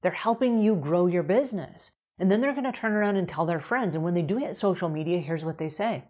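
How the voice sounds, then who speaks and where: A middle-aged woman speaks straight to the camera in an upbeat advice video for house cleaners. Her voice sits on the low side for a woman. She keeps things lively by acting out short quoted exchanges with customers. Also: a little fast. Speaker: house cleaning business coach.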